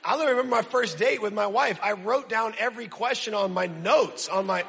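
High, gravelly-voiced male preacher. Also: quick pace, in a large hall, slight background noise. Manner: energetic, casual and self-deprecating. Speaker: pastor. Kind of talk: sermon.

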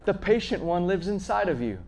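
A man's voice: high voice, animated, a little fast, slight background noise. Earnest man preaching a conversational sermon. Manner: earnest, swings between emphatic and hushed; frequent fillers and restarts, storytelling.

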